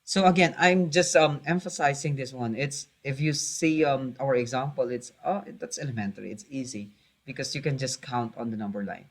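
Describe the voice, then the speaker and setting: A man's voice: mid-range voice, normal speed. A man teaching a math lesson, hesitating with many fillers, correcting himself and patiently repeating key points.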